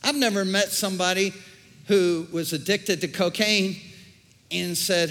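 A man's voice: high-pitched, fairly even intonation, a little slow, gravelly, a bit bright. A man preaching a sermon as pastor, conversational, with jokes and asides. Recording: long hall reverb.

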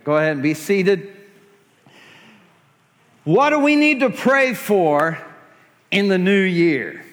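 Fervent preacher in a reverberant hall. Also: male voice, high voice, sing-song, slow, fairly bright tone. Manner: impassioned, rising to fervent pleading prayer. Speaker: pastor. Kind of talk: sermon. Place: church sanctuary.

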